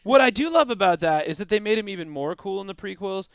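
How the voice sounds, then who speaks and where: A man chatting as a podcast guest, animated and jokey, slipping into quick silly voices. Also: sits high, clean tone, no room sound. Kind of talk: casual chat.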